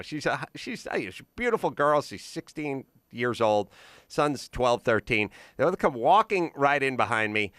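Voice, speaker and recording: A middle-aged podcast host with a Southern Californian accent speaks in a medium-pitched, bright, forceful voice, recorded dry and studio-clean. Chatting casually in his podcast studio, he tells comic stories and acts out both sides of each conversation.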